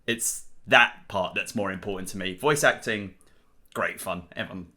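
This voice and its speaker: Low, very bright man co-hosting. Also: normal speed. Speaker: podcast co-host. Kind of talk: casual podcast chat.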